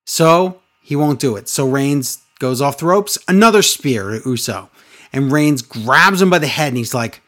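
A man in casual chat, retelling events with lively, acted-out quotes. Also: mid-range voice. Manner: animated storytelling, quick acted-out quotes. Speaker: podcast co-host recapping wrestling.

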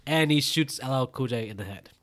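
A man's voice: mid-range voice, lively intonation, a little fast, fairly bright tone. A man co-hosting a casual movie review chat, joking and laughing often. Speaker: podcast co-host.

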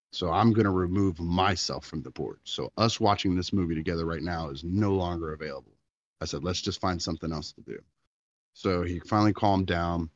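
Deep-voiced man telling a story. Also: no echo, muffled recording. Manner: animated storyteller, acting out quotes. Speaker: podcast co-host. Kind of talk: casual chat.

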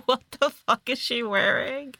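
A woman chatting casually on a podcast, animated and sassy, with a bright, forceful tone. She swears casually. The sound is dry and close, with no room echo. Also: fairly high pitch, unhurried. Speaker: podcast co-host recapping a movie. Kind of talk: casual chat.

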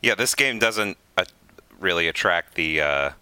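A man's voice: low voice, expressive, a little slow, bright, forceful tone, smooth, no echo. A man co-hosting a casual podcast chat, teasing the others and stammering at the start of his points. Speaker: podcast co-host.

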